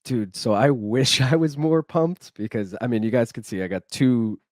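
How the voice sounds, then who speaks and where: A man's voice: mid-range voice, normal speed, darkish tone, dry recording, clean studio sound. A young man, a podcast guest, chatting casually in a laid-back way, saying "dude" and "like" a lot. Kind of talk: casual chat.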